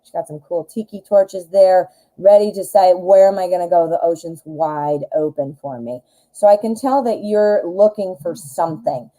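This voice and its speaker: A woman's voice: fairly low pitch, normal speed, dark tone, poor audio. A woman in her forties with a Midwestern American accent, chatting in a rambling, self-deprecating way while doing a live tarot reading. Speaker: tarot reader.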